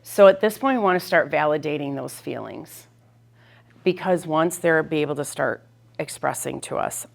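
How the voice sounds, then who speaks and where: A middle-aged woman counselor talks parents through a practical approach in a conversational way, often checking in with "right?". Her voice sits low with a gravelly, fry-tinged edge. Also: normal speed. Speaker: school counselor presenter. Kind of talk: parent education talk.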